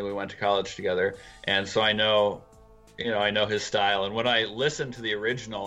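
A man's voice: on the low side, bright, forceful tone. A man co-hosting a podcast, chatting casually and rambling as he reviews a song cover. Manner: rambling, thinks aloud. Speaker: podcast co-host. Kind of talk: casual music review chat.

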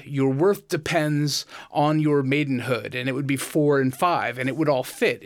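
A man with a somewhat high voice talks through song lyrics in a casual discussion. He counts syllables one by one and recites lines slowly and carefully. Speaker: podcast co-host critiquing song lyrics.

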